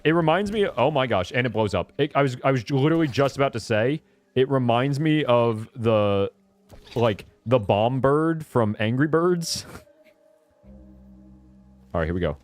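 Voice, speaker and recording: A young man streaming a video game, chatting casually, often interrupting himself and breaking into laughter and excited high squeals. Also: measured pace. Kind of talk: casual gameplay commentary.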